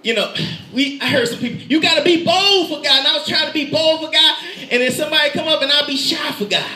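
High, bright-voiced preacher, animated and echoing. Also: male voice, fast. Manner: animated, playful, laughing and shouting in bursts. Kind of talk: lively sermon. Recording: echoey room.

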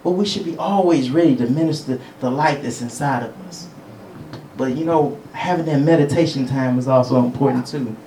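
A man's voice: mid-range voice, a little fast, dark tone, reverberant, recorded from a distance, slight background noise, poor audio. A male preacher giving a conversational teaching sermon. He chuckles between points and calls out for amens. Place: church sanctuary.

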